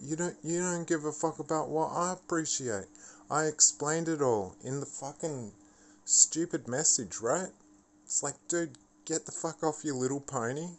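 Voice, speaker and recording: Man, vlog rant, tired, blunt and profane, slow and deliberate. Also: medium pitch. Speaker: vlogger. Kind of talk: casual ranting monologue.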